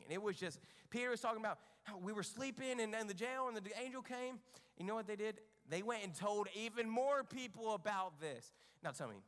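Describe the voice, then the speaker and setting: His voice sits high and carries a big-room sound as this children's ministry leader performs a Bible story on the church kids' stage. He keeps things animated, stopping to ask the children questions.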